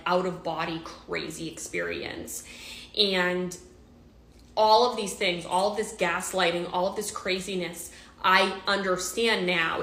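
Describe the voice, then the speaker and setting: A woman's voice: on the low side, fairly bright tone, a little hiss or hum. Emotional woman, echoey storytime. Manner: emotional, repetitive retelling with restarts. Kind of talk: personal storytime vlog.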